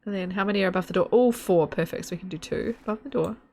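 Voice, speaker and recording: A woman's voice: mid-range voice, rapid-fire, a little mellow. A woman streaming a game, chatting in a rambling, giggly, casual way to her viewers and a friend. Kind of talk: casual live-stream chat while gaming.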